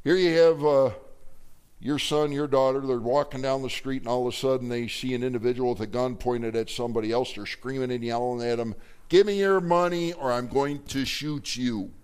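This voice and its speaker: A man's voice: medium pitch, clear, resonant tone. A middle-aged man teaching a Bible class, telling stories and acting out the voices of the people in them. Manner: animated storytelling, acting out quoted voices.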